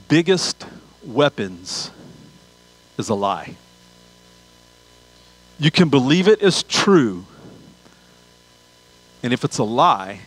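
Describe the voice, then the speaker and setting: A man's voice: a little high, a bit bright, no room sound, poor audio. A man preaching a sermon as pastor, telling a funny story with asides before turning to scripture.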